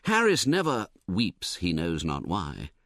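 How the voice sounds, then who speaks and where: A man narrating a comic novel as an audiobook, in a wry, expressive, theatrical manner. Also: deep voice, slow pace, dry recording, clean studio sound.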